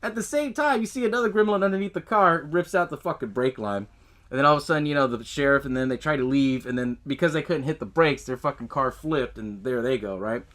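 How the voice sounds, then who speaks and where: A man hosting a podcast gives a casual, laid-back movie recap in a mid-range, slightly bright voice, expressive and quick. He swears freely, laughs often and acts out bits of dialogue from the film.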